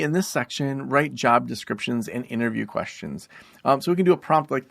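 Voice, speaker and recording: A man's voice: mid-range voice, creaky, fairly bright tone, dry recording, studio quality. A man hosting a solo podcast, explaining tips in a casual, rambling way with lots of fillers and asides. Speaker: podcast host and private practice consultant.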